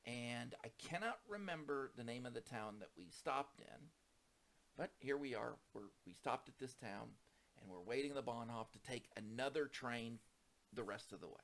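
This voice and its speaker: A man telling a long personal anecdote in a casual, animated way, acting out the people in it. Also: medium pitch, moderate pace. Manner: animated, acts out quoted voices, rising to excited peaks. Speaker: storyteller. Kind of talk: casual storytelling.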